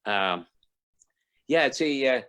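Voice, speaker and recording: A man's voice: medium pitch, expressive, slow pace, fairly bright tone, smooth. A man in his eighties from Ohio, a guest speaker reminiscing and telling a joke, rambling on tangents with many fillers, over a video call. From Toledo, Ohio.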